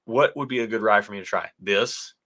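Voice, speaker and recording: A man's voice: on the low side, fairly quick, bright, forceful tone. A man co-hosting a casual whiskey tasting livestream, chatting and reading viewer comments aloud. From United States. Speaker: whiskey show co-host.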